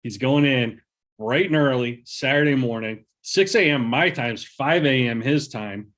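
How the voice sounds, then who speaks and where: A man hosting a relaxed business interview. He talks in loose, conversational asides and often quotes sayings. His voice sits at an ordinary pitch. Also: measured pace. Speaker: podcast host. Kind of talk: casual interview.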